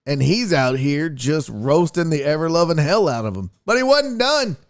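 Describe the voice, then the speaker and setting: Animated, swearing male sports host. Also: fairly high pitch, normal speed. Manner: profane, animated ranting. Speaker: sports talk show host. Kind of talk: casual ranting commentary.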